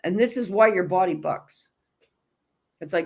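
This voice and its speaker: A woman's voice: fairly low pitch, measured pace, gravelly. A woman coaching on energy and self-love in a blunt, emphatic, repetitive way, swearing casually and restarting her sentences. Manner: conversational, with frequent restarts and fillers. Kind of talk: motivational spiritual talk.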